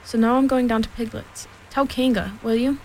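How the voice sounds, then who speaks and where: An eager, friendly teddy bear with little wit speaks in a lifted, mellow voice, as a woman reads him aloud. Soft rain patters faintly behind the storybook. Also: a little high, fairly even intonation, normal speed, slight background noise, close to an everyday voice, rough recording.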